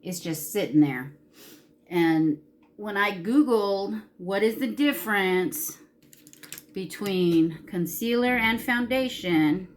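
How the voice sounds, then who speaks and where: This woman in her fifties, a beauty vlogger, talks through her makeup routine in a relaxed way, wandering from story to story and laughing frequently. She speaks slowly at a medium pitch, with lively intonation.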